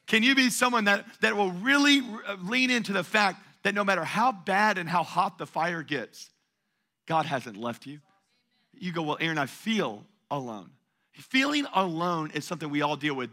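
A male pastor delivering an energetic sermon in a church, calling on the congregation to answer back. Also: high-pitched. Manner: call-and-response preaching, energetic and emphatic.

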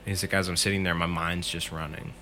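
Deep-voiced man telling a scary story. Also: flat delivery, brisk, pushed and bright, a little hiss or hum. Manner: retells a friend's scary story in first person, swears freely. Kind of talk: casual storytelling.

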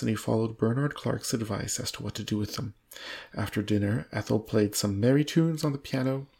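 Gravelly husky man reading a story aloud. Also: fairly low pitch, a little mellow. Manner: amused, often laughing between lines. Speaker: reader.

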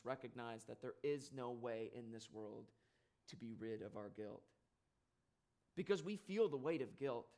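A man preaching a sermon in an earnest way, rising louder on key points and dropping soft on sad ones. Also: mid-range voice.

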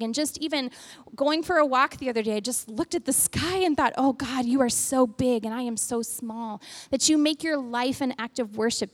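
A woman who leads worship, telling a chatty story full of "like" that turns into an earnest devotional exhortation. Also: fairly high pitch. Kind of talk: devotional talk.

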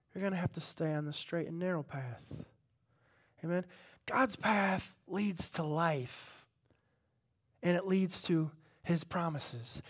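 High-voiced preacher, impassioned. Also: male voice. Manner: impassioned, swings from hushed to loud, calls out to the congregation. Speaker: pastor. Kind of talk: sermon.

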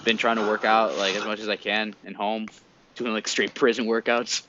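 A man's voice: lowish voice, level tone, moderate pace. Laid-back young man on a muffled call. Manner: laid-back, laughing, slangy. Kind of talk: casual video-call chat. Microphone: video call. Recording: dull lo-fi video call with background noise.

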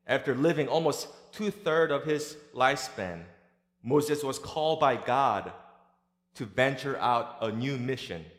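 A male pastor delivering a sermon at a measured, deliberate pace, with a touch of light humor. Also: mid-range voice, lively intonation. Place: large church sanctuary. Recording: echoey church hall with long reverb.

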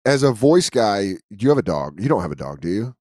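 A man hosting a casual chat, telling animated stories with casual swearing. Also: fairly low pitch, brisk, a little hiss or hum. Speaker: podcast host.

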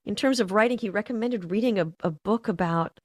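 A woman's voice: mid-range voice, fairly quick, no room sound, studio quality. A woman in her forties chatting casually on a podcast, rambling with asides.

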